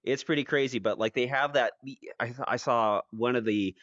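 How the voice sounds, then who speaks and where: A man hosting a podcast, telling stories in a rambling, animated way with many restarts. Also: mid-range voice, fairly quick, no room sound. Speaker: podcast host. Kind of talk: casual chat. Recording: dry, dull lo-fi podcast audio.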